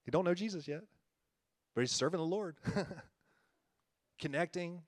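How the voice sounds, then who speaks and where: Earnest, folksy pastor with a higher voice. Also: male voice, a little slow, pauses often, dry recording, studio quality. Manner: earnest and folksy, often chuckling and repeating himself. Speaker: church-planting pastor. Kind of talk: conversational sermon.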